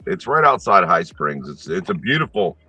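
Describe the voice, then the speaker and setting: Deep-voiced man talking casually. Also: normal speed, over music. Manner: relaxed, explanatory, with hesitations. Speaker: guest. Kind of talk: casual chat.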